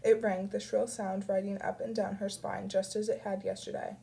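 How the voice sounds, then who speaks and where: A woman with a cold reading a novel aloud in a steady, quiet way. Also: mid-range voice, normal speed, gravelly, rough recording. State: has a cold. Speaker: audiobook reader. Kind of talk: audiobook narration.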